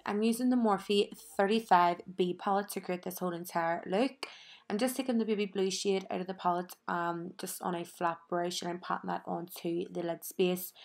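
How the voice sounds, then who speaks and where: A young Northern Irish woman talks through a makeup tutorial, her voice stuffy and congested from a cold. She speaks in a low, flat, even tone, chatty and full of little fillers. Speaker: makeup vlogger.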